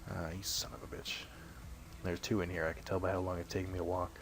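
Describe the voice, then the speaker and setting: Young guy w a deep low voice rambling thru a let's play, swears a lot, keeps clearing his throat. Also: flat delivery, fast talker. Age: young adult. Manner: rambling, self-deprecating, swears casually. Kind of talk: casual gameplay commentary.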